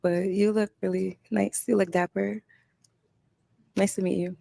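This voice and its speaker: Woman, 30s, heavy vocal fry, flat delivery, dry close sound, straight-talking contestant. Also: medium pitch, unhurried, no room sound. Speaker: makeup artist contestant. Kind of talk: casual dating show answers.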